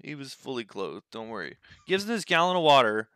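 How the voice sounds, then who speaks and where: Man, podcast host, casual storytelling, animated, crisp clear voice, dry sound. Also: mid-range voice, fairly quick, dry recording. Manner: animated, quotes people in voices, swears.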